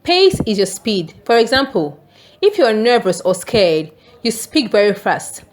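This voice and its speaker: Slow, careful woman teacher. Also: mid-range voice, sing-song. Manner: slow, deliberate, careful enunciation. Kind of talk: scripted lesson reading.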